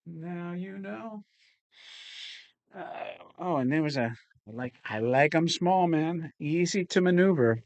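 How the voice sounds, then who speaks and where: A man's voice: on the high side, normal speed, a little mellow, no room sound. A man hosting a casual unboxing chat, rambling and swearing casually as he talks. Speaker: toy collector host.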